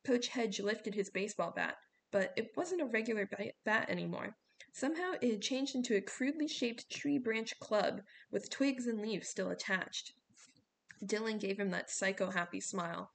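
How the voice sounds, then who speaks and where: A woman reading a novel aloud in a steady storytelling voice. Her middle-range voice has a gravelly edge. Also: medium pitch, moderate pace. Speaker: audiobook narrator. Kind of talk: audiobook narration.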